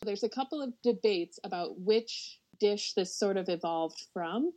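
Woman podcaster from the US, relaxed everyday chat, laughs a lot, mid-pitched. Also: normal speed, hardly any pauses, poor audio. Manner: chatty, laughs often, frequent "like". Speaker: podcast co-host presenting a topic.

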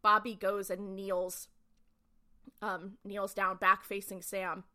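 A woman's voice: medium pitch, little pitch movement, slow, pushed and bright. A woman podcast co-host casually recapping a TV episode, chatty and full of "like" fillers.

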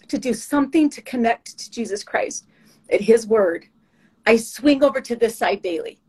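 A woman giving a heartfelt, earnest faith testimony, emotional and halting with restarts. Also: on the high side, animated, a little mellow, breathy edge, poor audio. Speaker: guest sharing faith testimony.

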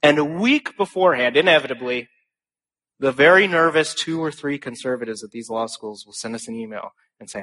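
Bright-voiced young man giving a speech. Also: mid-range voice, brisk. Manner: earnest and humorous storytelling; emphatic rhetorical phrasing. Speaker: speaker. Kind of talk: speech to an audience.

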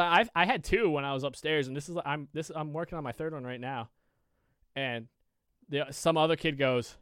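Smooth-voiced man telling a rambling story. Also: on the high side, normal speed, a bit bright, dry recording, clean studio sound. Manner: rambling, filler-heavy, swears freely. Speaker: podcast co-host. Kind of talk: casual storytelling.

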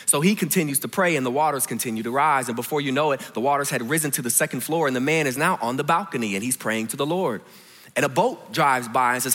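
A man preaching a sermon, telling a story and moving between hushed and emphatic delivery. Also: medium pitch, fast, big-room sound. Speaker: pastor. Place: large church hall.

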